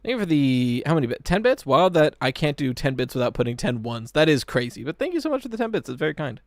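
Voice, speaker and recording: A man chatting casually on a live stream, reacting to a game trailer in an animated, excitable way and swearing casually as he talks to his chat. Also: on the high side, quick pace, dry recording, studio quality.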